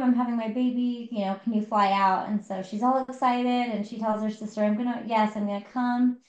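A woman's voice: medium pitch, a little mellow. Chatty woman retelling a book, echoey. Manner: retelling a story with many fillers. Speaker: podcast co-host. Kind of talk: casual book discussion.

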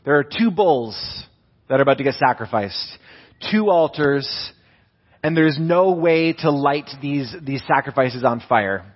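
A man's voice: medium pitch, lively intonation, a little slow, breathy edge, lo-fi sound. A young man, a pastor, preaching a sermon in a conversational storytelling way, with many restarts.

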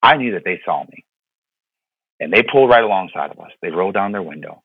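A man in his thirties from Florida, a pastor speaking as a podcast guest, tells a personal story in an earnest, heartfelt way. His voice is fairly low and husky. He comes through a dry, tinny line that sounds like a phone call. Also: animated, quick pace, no echo. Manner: earnest, heartfelt, with many fillers and repeated words.

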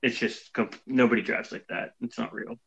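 Casual podcast co-host, male, eager and giggly, bright edge to his voice. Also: mid-range voice, fairly even intonation, normal speed, creaky, breathy edge, muffled recording. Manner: laughs often, quotes movie lines eagerly. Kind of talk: casual movie chat.

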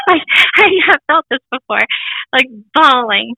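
Thirties woman, interview guest, candid and bright, dry close mic. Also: high voice, animated, normal speed, dry recording, low-quality recording. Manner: candid, laughs often, acts out voices in quotes. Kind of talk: personal testimony interview.

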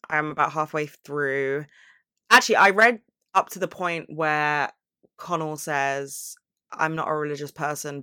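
A woman's voice: deep voice, pushed and bright, no echo, clean studio sound. A young woman vlogging in a casual, chatty way, swearing freely and gushing about what she loves. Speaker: book vlogger. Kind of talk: casual chat.

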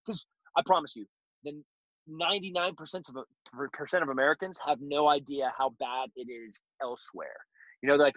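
A man's voice: fairly high pitch, steady tone, brisk, a bit bright, no echo. A man talking bluntly in an interview, telling stories with mocking asides. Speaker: guest, self-defense instructor. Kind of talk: casual interview talk. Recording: dull lo-fi recording.

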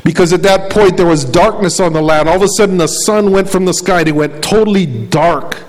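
A male preacher delivering a sermon, firing off rhetorical questions and slowing down to repeat key phrases. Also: high-pitched, poor audio.

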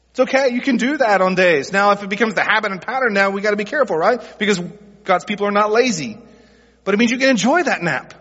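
A man's voice: sits high, bright, forceful tone. A middle-aged male pastor preaching an earnest, conversational sermon that speaks directly to groups in the congregation. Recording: dull sound with long hall reverb.

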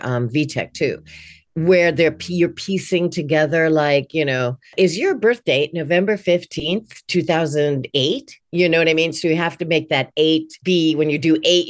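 A woman's voice: deep voice, no echo, clean studio sound. A middle-aged woman working as a voice-over teacher, talking as a guest in a casual interview, chatty and candid, with plenty of "like" and "you know".

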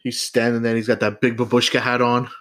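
A man's voice: medium pitch, little pitch movement, quick pace, fairly bright tone. A man co-hosting a podcast, chatting in a crude, teasing way and laughing often. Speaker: podcast co-host. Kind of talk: casual chat.

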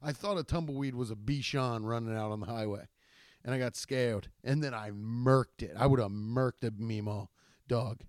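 A young man hosting his own podcast, telling rambling, profane stories with jumpy, animated energy. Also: medium pitch, moderate pace, dry recording, studio quality. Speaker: podcast host. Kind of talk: casual solo podcast monologue.

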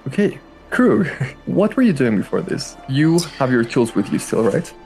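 A man hosting and narrating a tabletop game as dungeon master, with lively jumps in pitch on key words. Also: normal speed, gravelly, faint music behind.

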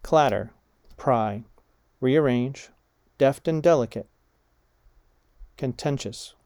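Slow, measured man reading vocabulary. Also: mid-range voice, dark tone, no echo. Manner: measured, deliberate, reads words and punctuation aloud. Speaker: vocabulary reader. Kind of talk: slow dictation of vocabulary words and phrases.

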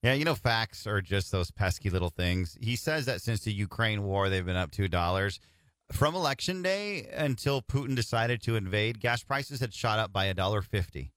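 A man's voice: lowish voice, normal speed, no room sound. A man hosting a talk radio show, commenting sarcastically on played clips. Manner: sarcastic, animated, jokey interjections. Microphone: studio microphone.

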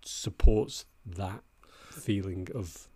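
A man co-hosting a film podcast, talking with enthusiasm in a halting, restart-heavy way. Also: low-pitched, warm tone, husky. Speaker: podcast co-host. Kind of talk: casual film discussion.

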